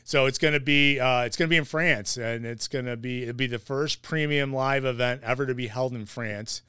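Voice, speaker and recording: Guy hosting a wrestling podcast, rambly, smooth voice, dry close mic. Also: medium pitch, moderate pace, pushed and bright, dry recording. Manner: rambling, many fillers and restarts. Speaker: podcast host. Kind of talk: casual wrestling podcast chat.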